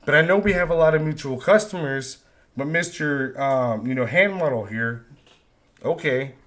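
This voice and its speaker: A man's voice: on the high side, normal speed, fairly bright tone. A man ranting on a live stream, frustrated and profane, often repeating himself. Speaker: live stream host, vector artist.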